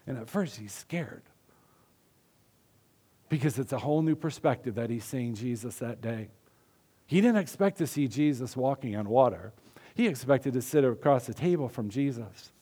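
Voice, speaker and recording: A man preaching a sermon in an earnest, conversational way, often dropping his voice softly. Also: medium pitch, expressive, moderate pace, breathy edge. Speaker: pastor.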